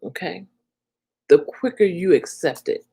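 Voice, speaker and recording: A woman giving spiritual guidance on a live stream, ending her phrases with a soft "okay?". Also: lowish voice, expressive, a little slow, vocal fry, husky.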